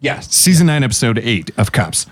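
A man's voice: medium pitch, big pitch swings, moderate pace, dry recording. A man co-hosting a casual podcast, joking around and swearing freely. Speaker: podcast co-host. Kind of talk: casual chat.

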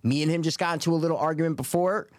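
A man on a podcast telling a poker story in an animated, casual way, swearing freely. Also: fairly high pitch, very fast, no echo, studio quality.

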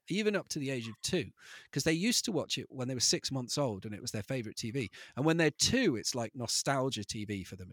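A man's voice: medium pitch, dry recording, clean studio sound. A man in his thirties, a comedian telling funny stories and acting out voices. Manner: animated, acts out voices and quotes. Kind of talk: comic storytelling.

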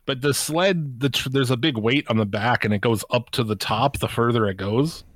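A man's voice: mid-range voice, normal speed, no echo. A man co-hosting a watch-along, chatting casually and explaining things in a loose, profane way with laughs. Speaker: co-host of a watch-along show. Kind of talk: casual chat.

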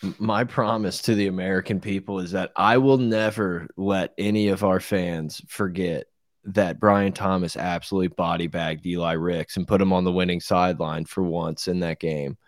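Podcast host, man, very low voice, dry close sound, excitable and profane. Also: moderate pace, dry recording. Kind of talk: casual sports chat.

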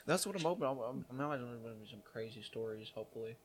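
A man's voice: mid-range voice, expressive, rapid-fire. Slangy young man rambling as a guest. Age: young adult. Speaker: podcast guest. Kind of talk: casual chat.

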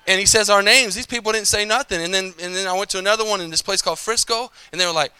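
A man preaching a sermon in church, telling a story in a relaxed, playful way with asides to the congregation. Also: sits high, quick pace, few pauses, smooth, dry recording. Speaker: pastor. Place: church sanctuary.

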